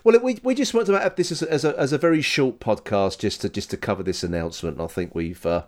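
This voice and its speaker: This male podcast co-host talks fast in a mid-range, slightly mellow voice. The chat is loose and rambling, full of self-corrections, restarts, and jokes.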